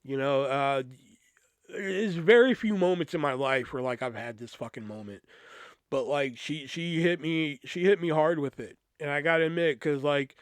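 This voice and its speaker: Man, podcast host, casual storytelling, profane, rambling, slightly high voice, dry close sound. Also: moderate pace, clean tone, dry recording. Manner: profane, rambling, lots of restarts and "you know".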